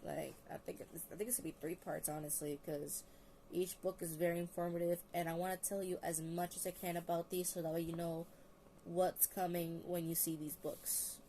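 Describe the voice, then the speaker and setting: A woman's voice: on the low side, flat delivery, moderate pace, warm tone, slight background noise. A tired woman vlogger chatting casually about books, rambling with restarts and reading out long lists. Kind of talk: casual book review. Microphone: phone.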